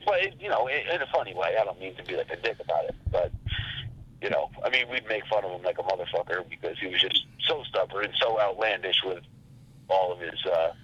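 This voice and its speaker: A man telling a rambling story in a casual, profane and animated way. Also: sits low, quick pace, highs cut off, a little hiss or hum. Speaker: podcast guest.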